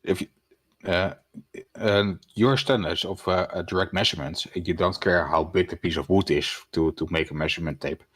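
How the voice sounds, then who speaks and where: Very deep, husky-voiced man. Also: normal speed, a bit bright. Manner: hesitant, argues point by point. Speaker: debate panelist. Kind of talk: casual online debate.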